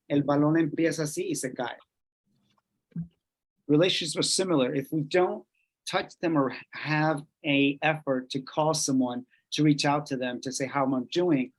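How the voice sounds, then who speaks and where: This Colombian man's voice sits on the high side as he runs a workshop at a measured pace. Switching between English and Spanish, he frequently pauses and begins again.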